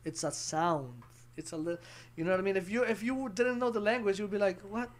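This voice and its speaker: Young male podcast host, high voice, rapid and profane, animated storyteller. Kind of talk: casual podcast chat.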